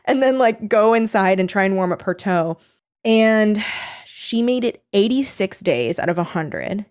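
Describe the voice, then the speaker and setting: A woman in casual conversation, retelling a story with lots of fillers and acting out quotes in high voices. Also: animated, measured pace, darkish tone, smooth. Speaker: co-host recounting a reality show. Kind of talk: casual chat.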